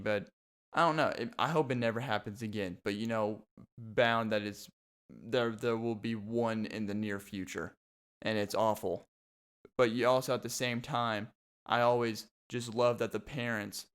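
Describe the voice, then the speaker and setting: Young male podcast host, mid-range pitch and smooth tone, sarcastic rambling monologue with frequent laughs. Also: fairly bright tone. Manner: sarcastic, laughs often, mocking asides.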